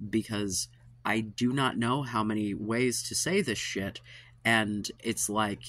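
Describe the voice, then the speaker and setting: Fed up and weary, a dating-advice channel host speaks to camera in a frustrated monologue laced with profanity, sighing and trailing off. His low, slightly bright voice moves at a slow pace, with no room sound.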